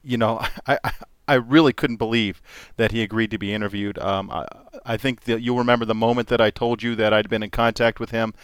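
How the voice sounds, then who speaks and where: A man's voice: lowish voice, steady tone, a little fast, clean tone, dry recording. Male podcast host, casual news-reading delivery, dry studio sound. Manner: reads news items with dry jokes and laughs.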